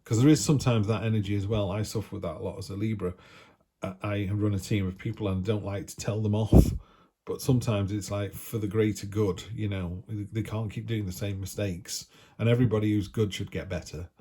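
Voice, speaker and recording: A man's voice: fairly low pitch, fairly even intonation, a little fast, noisy background. A man giving a casual, encouraging weekly tarot reading, chatty and full of restarts. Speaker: tarot reader.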